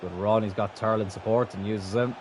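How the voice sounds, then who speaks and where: Swearing gamer commentating a match. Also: male voice, fairly low pitch, fairly even intonation, a little fast, noisy background. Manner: frustrated, swearing outbursts. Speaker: gaming streamer. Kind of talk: live gameplay commentary.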